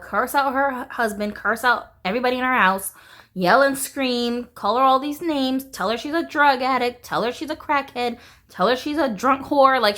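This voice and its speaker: A woman's voice: a little high, fairly bright tone. Candid, rambling woman vlogger. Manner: candid, rambling, heavy use of "like", swears freely. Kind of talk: casual chat.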